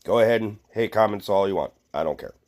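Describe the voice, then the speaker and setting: A man's voice: fairly low pitch, quick pace, a little mellow. A man vlogging a casual, rambling rant to camera, swearing freely and full of fillers and restarts.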